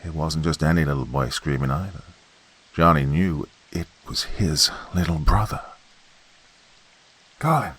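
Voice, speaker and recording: A man narrating a horror story in a folksy campfire manner, swinging between loud and hushed delivery. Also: very deep voice, fairly even intonation, normal speed.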